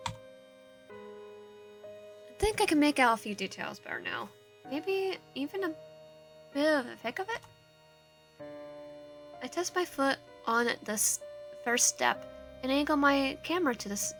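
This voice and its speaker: A woman's voice: high voice, expressive, a little slow, gravelly, long pauses, a bit bright, soft background music. Woman reading a visual novel aloud. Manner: reads narration with frequent restarts and stumbles. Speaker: game streamer.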